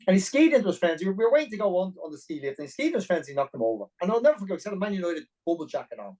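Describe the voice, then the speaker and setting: A middle-aged Irish man telling a long personal story as a podcast guest, animated and full of detail. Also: high voice, poor audio. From Ireland. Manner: animated, fast-paced anecdotal storytelling. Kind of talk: storytelling interview.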